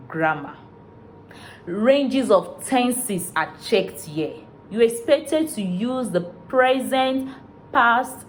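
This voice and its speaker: Woman tutor, mid pitch, unhurried teaching delivery, faint room hum. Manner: slow, deliberate teaching delivery. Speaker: IELTS tutor. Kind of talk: video lesson.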